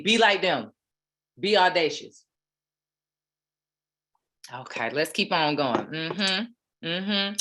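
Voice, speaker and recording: A woman's voice: medium pitch, pushed and bright. A woman hosting a weekly motivation session, talking in a preachy, playful way full of casual slang. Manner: preachy, playful, uses Black American slang. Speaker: motivational host. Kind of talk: motivational talk. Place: home, online session.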